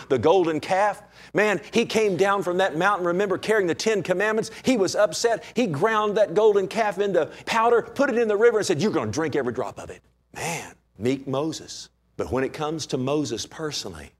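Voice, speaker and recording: Male pastor preaching, fairly high voice, chatty, asks the crowd lots of questions. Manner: animated, conversational preaching with rhetorical questions. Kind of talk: sermon.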